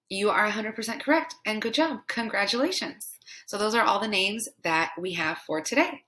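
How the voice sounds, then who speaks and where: A young woman teaching pronunciation in a language lesson, repeating each word slowly several times. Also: mid-range voice, animated, pushed and bright. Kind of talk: slow, repetitive language lesson.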